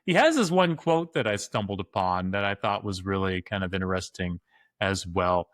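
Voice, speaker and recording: A man's voice: low voice, lively intonation, normal speed, a bit bright, no echo, studio quality. Enthusiastic man co-hosting a podcast. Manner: enthusiastic, laughs often. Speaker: podcast co-host. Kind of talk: casual chat.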